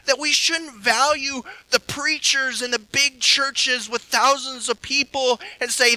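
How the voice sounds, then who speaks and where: A man preaching a sermon with passion, his delivery swinging from hushed to loud. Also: extremely high pitch, steady tone, slow pace, few pauses, no room sound, rough recording.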